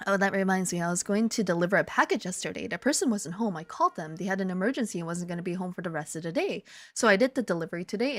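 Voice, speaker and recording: Animated woman streamer, dry sound. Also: no room sound. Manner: animated storytelling, swearing, laughing, jumps to high excited exclamations. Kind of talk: casual chat reading viewer comments. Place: lives in Korea.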